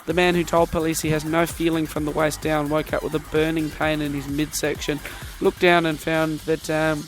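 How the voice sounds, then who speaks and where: A young man with a slightly high voice hosts a loose, jokey podcast. He rambles and stumbles over his words, repeating himself as he riffs. Faint music plays underneath. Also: flat delivery, moderate pace. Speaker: podcast host. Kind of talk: casual comedic podcast chat.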